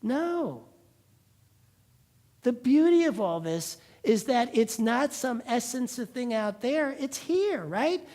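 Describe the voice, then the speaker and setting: A man giving a sermon as pastor, telling a story in a lively, conversational way. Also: very high voice, slow pace.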